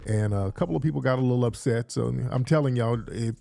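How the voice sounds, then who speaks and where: A man's voice: mid-range voice, fast, vocal fry, warm tone, no echo. A man hosting a casual livestream, chatty and hyping, often repeating his phrases, recorded indoors on a studio mic. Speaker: show host. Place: indoors in Los Angeles.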